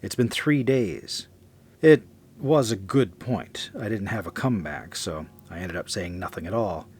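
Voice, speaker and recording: A man narrating a first-person horror story in a measured, confessional way. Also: sits low, a little mellow, slightly rough.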